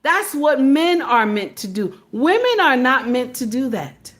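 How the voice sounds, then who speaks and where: Woman, high pitched voice, preachy commentary, rhetorical questions, addresses listeners as sisters. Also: big pitch swings, a little slow. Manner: emphatic, asks rhetorical questions of her audience. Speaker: online commentator.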